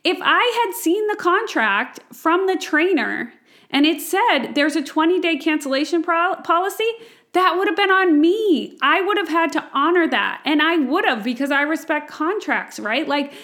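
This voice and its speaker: High-pitched woman, casual storytelling host, chatty, keeps asking "right?". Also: expressive, normal speed, fairly bright tone. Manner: chatty, often asks "right?" and uses filler "like". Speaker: contract attorney.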